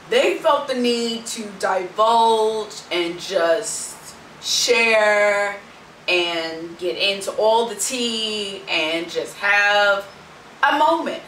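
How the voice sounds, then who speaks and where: A woman's voice: on the high side, fairly bright tone, reverberant, distant mic, slight background noise, poor audio. A young woman vlogger telling a story in a brash, sassy, profane rant.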